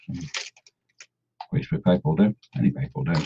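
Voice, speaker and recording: A man's voice: a bass voice, animated, quick pace, long pauses, background noise. A man chatting casually while painting miniatures, rambling and humming to himself. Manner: rambling, hums and mumbles to himself. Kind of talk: casual chat while working. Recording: dull lo-fi sound.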